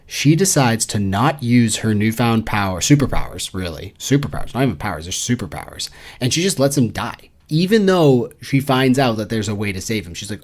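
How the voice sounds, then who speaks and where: A man's voice: on the low side, expressive, normal speed. A man co-hosting a casual book podcast, making sarcastic, jokey asides. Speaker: podcast co-host.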